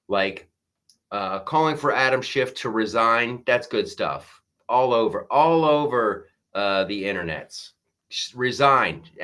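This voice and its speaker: Lively bright-voiced male comedy host. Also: mid-range voice. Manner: jokey, riffing, reads viewer comments aloud. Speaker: host of a live comedy talk stream. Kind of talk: casual comedic live-stream chat.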